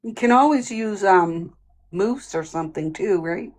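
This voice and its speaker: A woman hosting a relaxed live stream. She reads out viewers' comments and answers each one in a playful, easygoing way. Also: medium pitch, measured pace. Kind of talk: casual live-stream chat.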